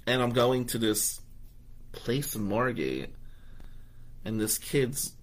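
A man in his fifties, a radio host from New Jersey, recounts a story from his own life. He talks in an animated, conversational way and slips into the voices of the people in his tale. His voice sits at a middle pitch. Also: slow pace, noisy background. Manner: animated, conversational, acts out dialogue. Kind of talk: personal storytelling.

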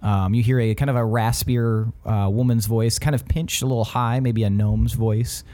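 A man narrating a tabletop game as game master, relaxed and chuckling often. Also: medium pitch, normal speed.

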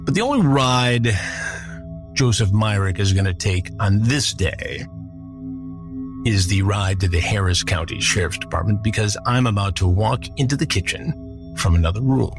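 A man hosting a podcast, retelling a story in a measured, dramatic way. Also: on the low side, animated, over music. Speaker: podcast host. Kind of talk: storytelling narration.

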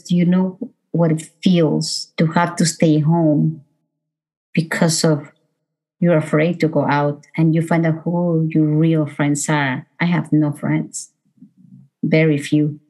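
A middle-aged woman with a low voice shares a personal story of loss. She speaks haltingly, with many fillers and restarts, emotion close to the surface. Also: warm tone, rough recording. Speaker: bereaved mother speaking about road safety. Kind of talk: personal testimony talk.

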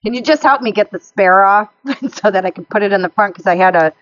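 A woman's voice: mid-range voice, fast talker, no room sound, lo-fi sound. A woman co-hosting a casual chat show, telling road stories with lots of laughter. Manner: lively storyteller, laughs often. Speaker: podcast co-host.

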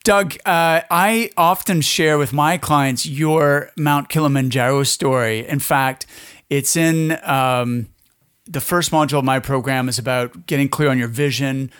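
A man hosting a podcast, asking a guest a question with a measured lead-in. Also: medium pitch, a bit bright, smooth. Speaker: podcast host, recruiting coach. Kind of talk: interviewing.

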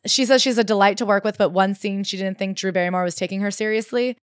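A woman's voice: mid-range voice, fairly even intonation, quick pace, clean tone, no echo, clean studio sound. A woman co-hosting a casual book-review chat, recapping the story and dropping wry asides. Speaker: podcast co-host.

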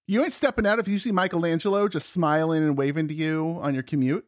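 A man's voice: a little high, fast, no echo, clean studio sound. A man co-hosting a podcast from his home office, chatting casually and rambling with jokes and fillers. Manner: rambling, joking, many fillers. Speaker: podcast co-host. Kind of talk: casual chat.

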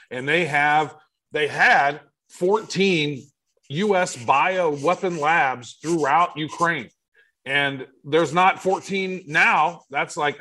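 A man's voice: medium pitch, fairly bright tone, poor audio. Regular guy cohost going off on a long emphatic tangent, medium voice. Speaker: podcast co-host. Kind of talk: casual podcast chat.

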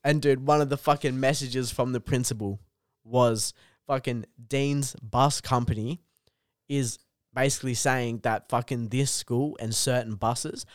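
A man's voice: mid-range voice, a little slow, no room sound, clean studio sound. A young man, a comedian guest, telling a story in casual podcast chat with lots of swearing. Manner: animated storytelling, heavy swearing.

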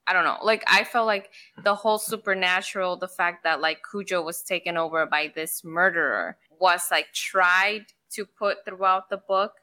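A woman's voice: lowish voice, moderate pace, hardly any pauses, sharp tone. A woman co-hosting a casual book podcast, hesitant and thinking aloud with many fillers. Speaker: podcast co-host. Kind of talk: casual book club chat.

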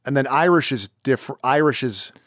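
A man hosting a loose, joking podcast conversation, ribbing his guest in a dry, deadpan way. His voice sits at an ordinary middle pitch, and the sound is close and dry with no room echo. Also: moderate pace. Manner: teasing, deadpan jokes. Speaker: podcast host. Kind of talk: casual chat.

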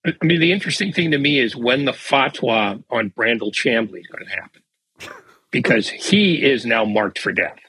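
Deadpan male co-host, bright husky voice, dry sound. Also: mid-range voice, moderate pace, dry recording, low-quality recording. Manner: deadpan, dark jokes. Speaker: podcast co-host. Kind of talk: casual chat.

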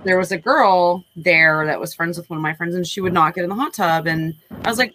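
A woman's voice: lowish voice, a little fast, hardly any pauses, a bit bright, poor audio. A woman in her forties speaking candidly in a casual panel discussion, rambling with frequent restarts. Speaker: panel guest.

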